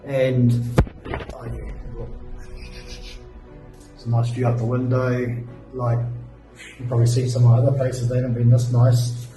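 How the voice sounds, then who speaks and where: A man's voice: medium pitch, monotone, normal speed, long pauses. A young man, tired after a long ride, telling a rambling travel story with lots of fillers and sighs in a hotel room. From New Zealand. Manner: laid-back, rambling, many fillers and sighs. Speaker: travel vlogger. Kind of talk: casual storytelling to camera. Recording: roomy, distant mic, faint music.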